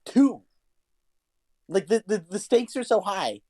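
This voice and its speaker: A man's voice: high voice, sing-song, normal speed, dark tone, no room sound. A young man co-hosting a podcast, telling a story in casual chat, swearing a lot and talking with animation. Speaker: podcast co-host.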